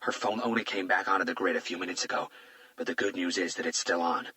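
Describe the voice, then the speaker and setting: A male narrator voicing a businesslike male analyst giving quick updates over the phone. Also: sits low, sharp tone. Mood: urgent.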